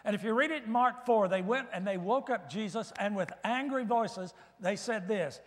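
An older man giving a guest sermon in a church, telling folksy stories with gentle humor. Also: high voice, normal speed, hardly any pauses, in a large hall. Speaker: guest preacher. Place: church sanctuary.

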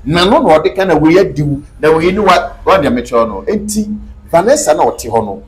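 A man with a Ghanaian accent is an interview guest, speaking emphatically and preachily while mixing Twi and English. His voice is a little high and animated, and he talks a little fast.

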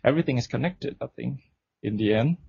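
A man's voice: medium pitch, quick pace, creaky, husky. A man hosting a radio interview, asking questions hesitantly with many fillers. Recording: dry, dull lo-fi radio recording.

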